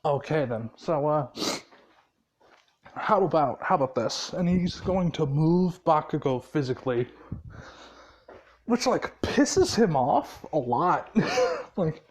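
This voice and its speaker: A man's voice: on the high side, expressive, slow pace, long pauses. A tired man casually retelling a fan story, rambling with many fillers and a lot of swearing.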